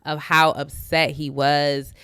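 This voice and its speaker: A woman's voice: low voice, slow pace, clear, resonant tone, dry recording, clean studio sound. A woman co-hosting a podcast, chatting casually about a reality show and acting out quotes from it. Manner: animated, acts out quotes from the show. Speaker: podcast co-host. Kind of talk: casual reality TV recap chat.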